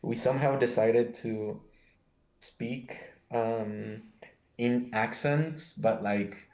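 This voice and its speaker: A man's voice: mid-range voice, drawn-out words, a little mellow, reverberant, low-quality recording. A young man from Mexico with an American accent, chatting casually as host, rambling with many fillers and restarts. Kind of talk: casual chat.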